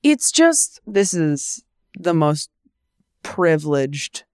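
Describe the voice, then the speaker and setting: A young adult woman co-hosting a casual podcast, telling stories with sarcastic, animated asides. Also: deep voice, drawn-out words, smooth, no echo, clean studio sound. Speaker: podcast co-host. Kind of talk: casual chat. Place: living in New York.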